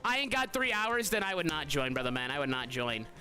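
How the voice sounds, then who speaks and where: A young man streaming live, hosting a game tournament and talking to his chat excitably, repeating "guys" and yelling at surprises. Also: a little high, a little fast, soft background music.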